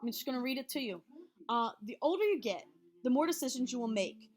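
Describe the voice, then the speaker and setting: A woman's voice: sits high, expressive, fast. A woman teacher reading over a health lesson and explaining it to her students in a chatty way, checking in often with "okay?". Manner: chatty, checks in with frequent okays.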